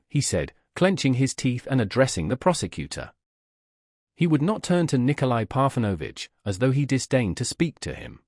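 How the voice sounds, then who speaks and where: Husky, expressive male audiobook narrator. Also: mid-range voice, normal speed, no room sound, studio quality. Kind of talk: audiobook narration of a classic novel.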